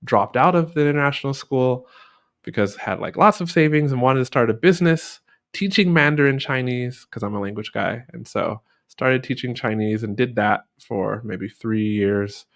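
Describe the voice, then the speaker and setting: Man from the US, casual interview chat, relaxed and rambling, average pitch. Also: moderate pace, creaky. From United States. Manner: relaxed, rambling, many fillers.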